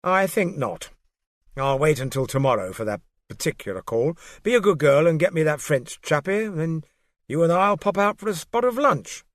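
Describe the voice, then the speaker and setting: A man's voice: fairly high pitch, lively intonation, normal speed, no room sound, studio quality, voice pushed up, natural voice. A man voicing a smug, patronizing middle-aged male official who talks down with jovial condescension.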